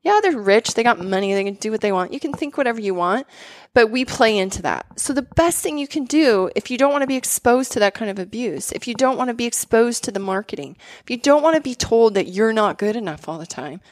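A woman's voice: a little high, fairly quick, no echo. A woman in casual conversation, telling stories animatedly with lots of fillers. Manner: animated storytelling with many fillers.

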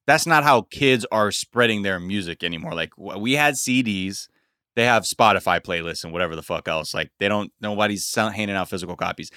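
Bright-voiced man, rambling casual host. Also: lowish voice, a little fast, smooth, dry recording, studio quality. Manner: loose, rambling storytelling with many fillers. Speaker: podcast host. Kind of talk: casual chat.

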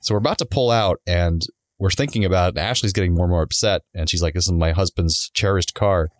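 Fast-talking man telling a story. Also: deep voice, no room sound, clean studio sound. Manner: animated, acts out quoted people mid-story. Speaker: podcast co-host. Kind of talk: casual storytelling chat.

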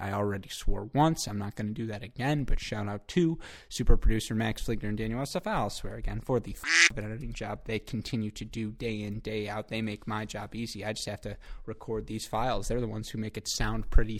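Male podcast host, casual solo chat, low pitch, even delivery, jokes at his own expense. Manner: chatty, self-deprecating, pleading plugs.

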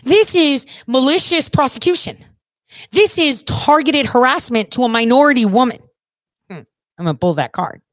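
A woman's voice: a little high, no room sound, clean studio sound. A woman running for office, indignantly reading legal text aloud and swearing as she rants. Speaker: political candidate. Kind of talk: ranting video commentary.

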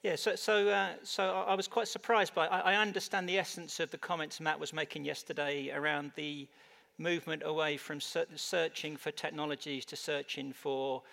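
English man with gravelly voice, stage panel. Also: a little high, level tone, normal speed, bright, forceful tone. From United Kingdom. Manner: hesitant, many fillers and restarts. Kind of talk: conference panel talk. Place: conference stage. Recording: reverberant hall on stage mic.

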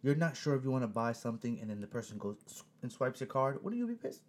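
A man co-hosting a podcast in casual chat, telling an animated example and swearing. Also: medium pitch, quick pace. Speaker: podcast co-host.

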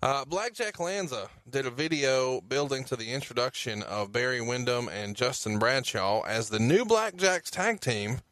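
Male host, relaxed, feeds questions to his guest; dry and close. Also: mid-range voice, normal speed, hardly any pauses, no room sound. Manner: reads quotes and steers questions, easygoing. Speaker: podcast host. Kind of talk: casual podcast hosting.

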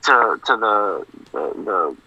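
A man with a very bright, sharp tone talks wrestling in a halting, filler-heavy way. His bluntly dismissive takes come over a dry, thin phone-line call. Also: on the low side, lively intonation, husky, no echo. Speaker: podcast co-host. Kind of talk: casual wrestling opinion chat.

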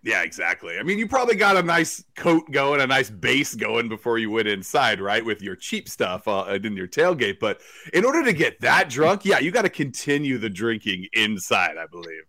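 A man co-hosting a sports podcast, talking in an excitable, animated way and telling anecdotes. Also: medium pitch, normal speed, dry recording. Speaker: podcast co-host. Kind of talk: casual sports chat.

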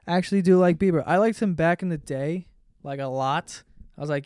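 Smooth-voiced man ranting profanely. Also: a little high, steady tone, fast talker, a little mellow, no echo, studio quality. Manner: profane, sarcastic, rambling. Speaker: podcast host. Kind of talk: casual comedic rant.

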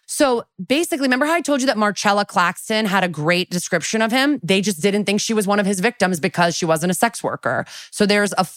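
A woman's voice: medium pitch, animated, quick pace, hardly any pauses, no echo, studio quality. A woman co-hosting a true-crime podcast, chatting casually, swearing freely and using lots of filler words. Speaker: podcast co-host.

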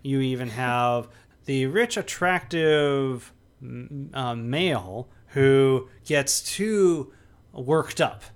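Smooth-voiced man rambling through a movie review. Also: medium pitch, drawn-out words. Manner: rambling, many restarts and fillers. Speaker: podcast co-host. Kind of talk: casual movie review chat.

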